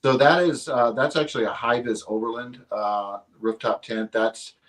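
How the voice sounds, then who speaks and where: A man's voice: mid-range voice, steady tone, normal speed, poor audio. A middle-aged man from northern Indiana, a guest telling stories in an easygoing, rambling way. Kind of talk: casual interview chat.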